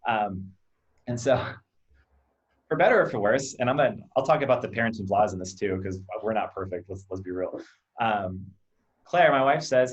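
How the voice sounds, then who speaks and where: A man in his thirties speaking in a relaxed interview, walking through a family example step by step. His voice sits in an ordinary middle range, and he slips into brief acted-out lines of dialogue before checking in with the listener. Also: mid-range voice, normal speed, lo-fi sound. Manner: explains with lively acted-out examples and repeated "right?". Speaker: behavior analyst, clinic co-owner. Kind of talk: casual interview talk.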